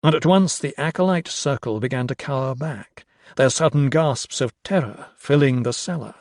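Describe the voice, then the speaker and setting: A man narrating a horror story with slow, expressive storytelling. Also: medium pitch, no echo, studio quality. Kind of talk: dramatic audiobook narration.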